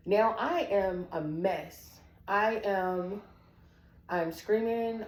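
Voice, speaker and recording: A woman's voice: fairly low pitch, very slow. Storytelling woman in an echoey room. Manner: animated, acts out quoted dialogue. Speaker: family member telling her story. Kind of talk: personal storytelling.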